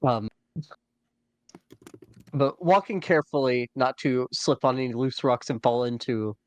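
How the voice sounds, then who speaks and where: Slow, halting man narrating a dungeon crawl. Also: mid-range voice, no echo. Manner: halting, many fillers and restarts. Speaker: dungeon master. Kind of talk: narrating a tabletop game.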